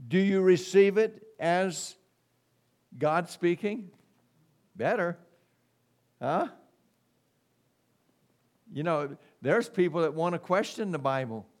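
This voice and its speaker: A man's voice: high voice, lively intonation. A middle-aged man preaching a sermon as pastor, emphatic and calling for "amen" from the congregation. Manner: slow, emphatic preaching with call-and-response "amen".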